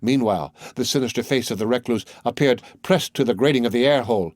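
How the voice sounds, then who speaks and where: A man reads a classic novel aloud in a measured, even narration, his voice sitting in a middle pitch. The recording is dry and close with no room sound. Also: no room sound. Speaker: audiobook reader. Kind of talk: scripted narration.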